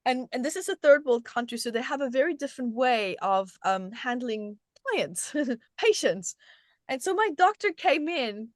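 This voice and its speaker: A middle-aged woman from South Africa with a fairly high voice speaks as an interview guest. She tells a personal story in an animated, conversational way and often restarts her sentences. The sound is close and dry, with no room echo. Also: moderate pace. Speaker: guest, self-help author.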